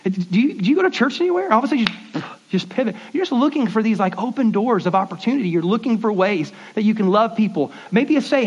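Male pastor, high-pitched, relaxed conversational sermon delivery with stutters and acted-out dialogue; muffled lo-fi recording. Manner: conversational, repeats words, acts out quick dialogues. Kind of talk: casual sermon. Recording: dull lo-fi sermon audio.

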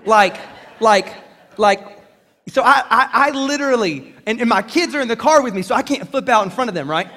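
High-voiced pastor preaching in a hall. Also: male voice, normal speed. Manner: animated storytelling with congregation call-and-response. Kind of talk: sermon. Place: church sanctuary.

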